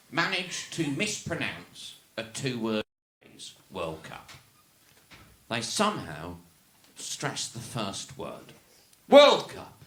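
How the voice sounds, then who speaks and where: A man's voice: fairly high pitch, bright, forceful tone. A man on a live comedy podcast, delivering an exasperated, pedantic rant while laughing. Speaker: comedy panel guest. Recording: echoey noisy live venue.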